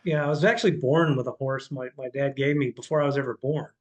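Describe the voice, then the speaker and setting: On a low-quality podcast recording, a man who trains horses and works as a life coach speaks quickly at a medium pitch with fairly even intonation. His talk rambles and restarts, sprinkled with repeated words and "man" and "dude."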